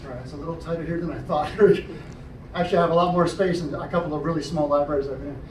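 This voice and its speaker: A man's voice: fairly high pitch, steady tone, racing. A man entertaining a library audience as a juggler, joking and explaining each trick step by step, recorded from a camera out in the audience. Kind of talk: live stage show patter. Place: library program room, indoors. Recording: roomy, distant, noisy audience recording.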